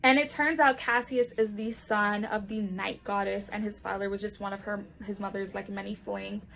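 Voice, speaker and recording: Chatty young woman with gravelly fry. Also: mid-range voice, fairly even intonation, normal speed, fairly bright tone. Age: young adult. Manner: chatty, says "like" often, acts out characters' lines. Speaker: book reviewer. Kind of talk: casual book review vlog.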